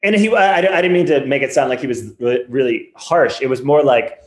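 A man's voice: mid-range voice, fairly quick. Rambling, wry man in a roomy space. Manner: rambling, self-correcting, wry storytelling. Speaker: guest comedian. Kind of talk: casual podcast chat. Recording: roomy echo.

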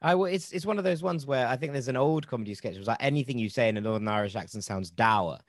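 A man's voice: mid-range voice, fast talker, dry recording. Man hosting, dry close mic. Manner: rambling, self-correcting, wry. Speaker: podcast host. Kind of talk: casual football podcast chat.

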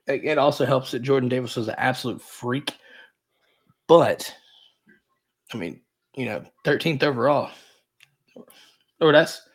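Man, podcast co-host, casual sports talk, rambling, hedging. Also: medium pitch. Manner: rambling, hedges a lot with repeated fillers.

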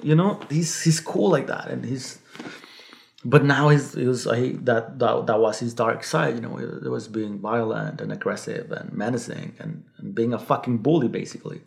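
A man's voice: mid-range voice, steady tone, normal speed, gravelly. A man, an English speaker, telling a story in an interview, rambling with restarts and swearing. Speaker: guest, local fixer.

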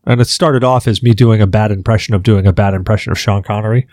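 A man's voice: fairly low pitch, moderate pace, darkish tone, no echo, clean studio sound. A man hosting a podcast, chatting casually and telling jokey stories. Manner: loose, joking, storytelling. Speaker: podcast host.

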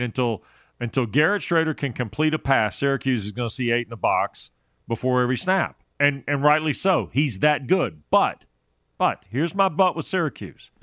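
Man, sports radio co-host, very lively pitch, dry close sound, emphatic analysis. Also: no room sound. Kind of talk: sports talk commentary.

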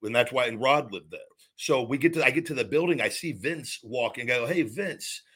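A man's voice: mid-range voice, a little fast, fairly bright tone, husky. A man in his forties, a former wrestler hosting a podcast, telling a long story in a rambling, casual way, with many repeats and restarts and some swearing.

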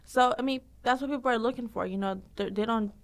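A woman fitness instructor answering interview questions in a lively, casual way, laughing often and using lots of fillers. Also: on the high side, fast talker, creaky.

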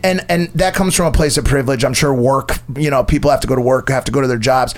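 Man, podcast guest, casual chat, fast banter, earnest, swearing. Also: medium pitch. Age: older.

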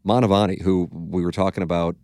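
A man's voice: sits low, fairly even intonation, a little fast, darkish tone, no echo, clean studio sound. A man with a St. hosting a podcast, telling stories in a blunt, profane, casual way and acting out quotes. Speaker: podcast host. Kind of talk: casual storytelling chat.

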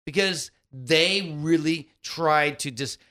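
Animated, bright-voiced male podcast co-host. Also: on the high side, takes it slowly. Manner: animated storyteller, acts out quoted voices. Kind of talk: casual chat.

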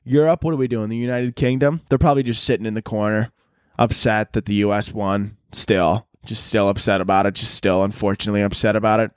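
A man's voice: lowish voice, steady tone, fairly quick, clear, resonant tone, no echo, studio quality. Profane, rambling young podcast host, man. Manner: profane, rambling, jumps into silly character voices. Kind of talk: solo comedic podcast rant.

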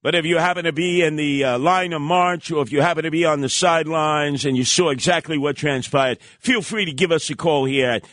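A man hosting a radio talk show, telling stories in an animated, heated way. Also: a little high, fairly quick, few pauses, dry recording, studio quality. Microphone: studio microphone.

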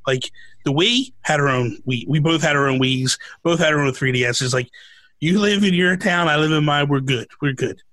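A man talking as a podcast guest in casual chat, quick and emphatic with joking asides. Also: on the high side, fairly bright tone, dry recording, low-quality recording.

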